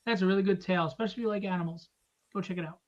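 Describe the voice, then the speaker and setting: A man's voice: high-pitched, steady tone, racing, darkish tone, dull audio. A man hosting a live drawing stream, chatting casually and rambling through jokes and plugs. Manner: joking, rambling, teasing.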